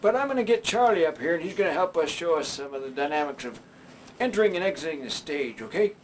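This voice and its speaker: A man's voice: on the high side, lively intonation, fast, a little hiss or hum, lightly acted. A man voicing a folksy older male puppet who chats with the audience and trails off into fillers as he teaches stage entrances. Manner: folksy, chatty, with hesitant fillers. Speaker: puppetry instructor. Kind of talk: puppet instruction skit.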